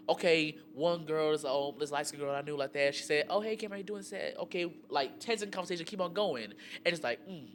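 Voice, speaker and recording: A young man co-hosting a radio talk show, telling relationship stories in an animated, slangy way with lots of fillers. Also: on the high side. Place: radio studio.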